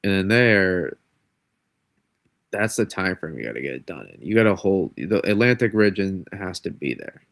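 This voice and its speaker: Stuffy male weather streamer with a cold, rambling, self-correcting, gravelly, dry close mic. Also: deep voice, expressive, normal speed, fairly bright tone, dry recording. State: congested from a cold. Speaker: weather forecaster. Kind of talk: live-stream weather model breakdown.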